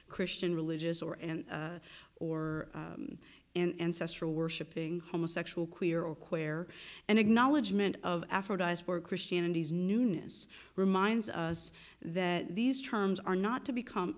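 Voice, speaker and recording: A woman with a slightly low voice delivers a formal university lecture, reading from a prepared academic text. She speaks in a measured, deliberate way and now and then stops to correct herself. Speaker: visiting lecturer and research associate.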